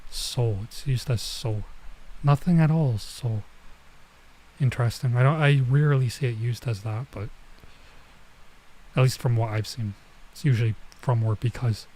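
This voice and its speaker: A man streaming as he reads a manga aloud, thinking out loud and hesitating while he works out translations. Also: medium pitch, normal speed, long pauses, rough recording.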